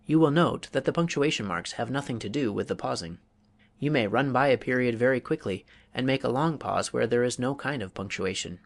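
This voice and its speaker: A man reading a public speaking manual aloud as an audiobook, in a measured, deliberate way with pauses. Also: medium pitch, lively intonation. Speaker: audiobook reader.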